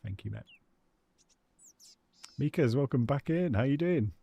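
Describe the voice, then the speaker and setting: A man's voice: medium pitch, expressive, unhurried, creaky, dark tone, no room sound, muffled recording. A British man live-streaming a hunting game, chatting casually with his viewers and greeting them by name.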